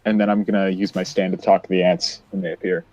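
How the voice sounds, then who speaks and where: A man playing in a tabletop game, talking loudly and eagerly. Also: low-pitched, little pitch movement, fast talker. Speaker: player. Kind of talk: casual tabletop play. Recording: dull, dry lo-fi mic.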